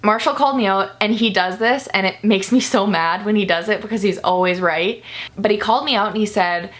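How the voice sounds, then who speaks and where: A woman's voice: mid-range voice, brisk, a bit bright. A young woman talking to camera in a candid personal vlog, earnest and confessional, near tears at times. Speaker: vlogger.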